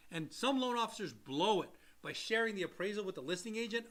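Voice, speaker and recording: Man, co-host, loan podcast, high voice, bright tone, blunt, animated, casual swearing. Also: fairly quick, few pauses. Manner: animated, acts out quotes of buyers and sellers.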